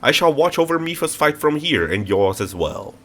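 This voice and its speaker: A man with a stuffy nose voicing a gentle, regal old fish-folk king in a game playthrough. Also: on the high side, big pitch swings, moderate pace, voice pushed up. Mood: solemn.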